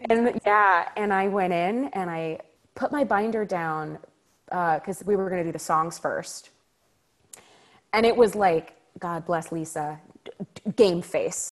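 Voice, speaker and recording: A woman actor telling a story as an interview guest, animated and quick to laugh, acting out the lines she quotes. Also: on the low side.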